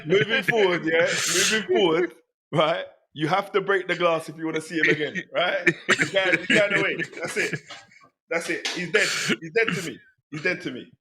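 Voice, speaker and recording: A man's voice: high-pitched, moderate pace, pushed and bright. A man on a football podcast panel, joking and bantering in a casual chat.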